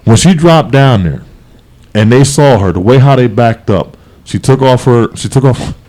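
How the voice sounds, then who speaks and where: A man co-hosting a podcast, talking casually in a rambling, animated way with many restarts and fillers. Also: medium pitch, moderate pace. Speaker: podcast co-host. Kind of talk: casual chat.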